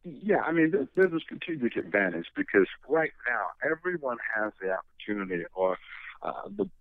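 A man's voice: mid-range voice, sing-song, moderate pace, dry recording. Middle-aged man giving motivational answers over a phone line. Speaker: guest. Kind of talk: conversational interview.

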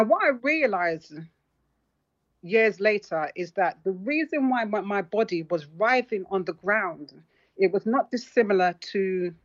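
Woman telling a story, muffled. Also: mid-range voice. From London. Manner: earnest, reflective, with restarts while recounting. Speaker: author guest. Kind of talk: personal storytelling in an interview. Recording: muffled lo-fi audio.

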